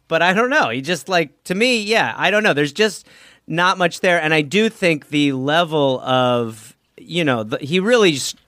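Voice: mid-range voice, lively intonation, normal speed, a bit bright, no room sound, clean studio sound. A podcast panelist chatting casually, wry and hedging with many fillers. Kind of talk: casual chat.

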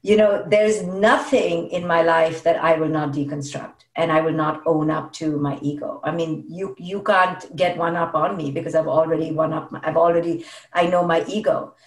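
A woman's voice: low voice, steady tone, moderate pace, recorded from a distance. A woman talking about parenting in a podcast conversation, emphatic, repeating words for stress. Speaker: guest speaking on parenting. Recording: roomy sound, voice off-mic.

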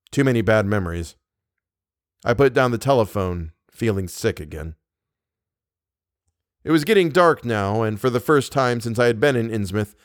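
A man reading a short story aloud as the narrator, in a steady, deadpan way. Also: medium pitch, no echo, clean studio sound. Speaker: podcast narrator.

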